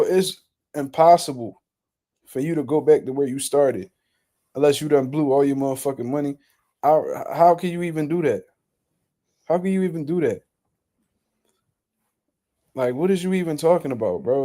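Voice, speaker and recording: A man's voice: fairly high pitch, warm tone. A man hosting casual boxing reaction commentary, ranting in a blunt, profane, incredulous way.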